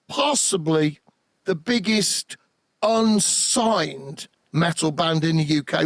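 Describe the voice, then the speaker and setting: A man, a guest musician, telling lively anecdotes in an animated way on a podcast. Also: high-pitched, dry recording. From England. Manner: lively anecdotal, acts out quotes. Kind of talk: animated storytelling.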